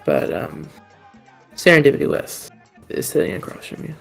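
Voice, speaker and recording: A woman's voice: deep voice, sing-song, normal speed, creaky, slightly rough, faint music behind. A woman narrating a tabletop game as game master, meandering with many fillers.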